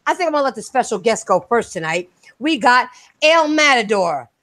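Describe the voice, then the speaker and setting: A woman with an Irish accent hosting a live gaming podcast, brash and excitable, swearing freely as she talks. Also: on the high side, brisk, no echo. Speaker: podcast host.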